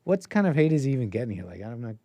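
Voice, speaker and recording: A man's voice: medium pitch, very animated, very fast, warm tone, a little hiss or hum. A man hosting a casual political commentary stream, rambling, thinking aloud and laughing often. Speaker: host.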